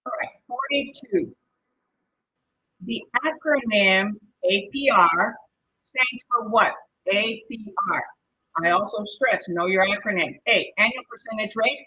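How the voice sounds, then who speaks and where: Woman, Mexican Spanish accent, exam prep instructor, chatty, encouraging, husky, dull lo-fi stream audio. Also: mid-range voice, measured pace. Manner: chatty, encouraging, checks in with "okay?" often.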